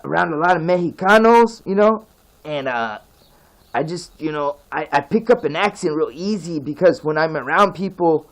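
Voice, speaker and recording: A crude, laid-back California guy, put on by a man with a loose drawl and crude jokes. His voice sits fairly high for a man. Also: poor audio.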